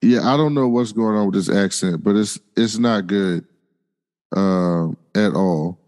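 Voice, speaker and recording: A man's voice: fairly low pitch, measured pace, a little mellow, in a large hall. A man co-hosting a podcast, recapping the episode in a laid-back, hesitant way. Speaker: podcast co-host.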